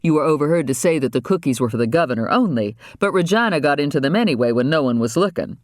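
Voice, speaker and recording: An earnest young man speaks calmly and persuasively, voiced by a male narrator. His voice is a touch higher than average for a man, recorded close and dry. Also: fast talker, dry recording, natural voice. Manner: calm and persuasive.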